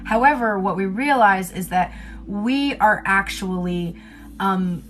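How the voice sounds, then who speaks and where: A woman does a casual tarot reading on a livestream, chatty and candid, laughing often and swearing casually in a loose, rambling style full of fillers. Her mid-range voice moves at a slow pace, with faint music in the background.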